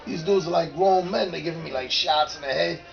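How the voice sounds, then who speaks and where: A man in his fifties, a former graffiti writer, telling an animated, profane story in casual street talk. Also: a little high, brisk, muffled recording, soft background music. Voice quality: gravelly.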